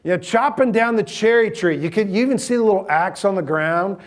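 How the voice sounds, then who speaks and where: A man's voice: high voice, a little fast. A middle-aged man, giving a sermon in a conversational, humorous storytelling manner and asking the audience questions.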